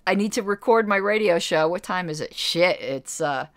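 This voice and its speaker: A woman's voice: fairly low pitch, expressive, moderate pace, no echo. Chatty woman answering a livestream chat. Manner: chatty, rambling self-corrections, blunt asides. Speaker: party committee member hosting a livestream. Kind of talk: casual livestream Q&A, reading chat.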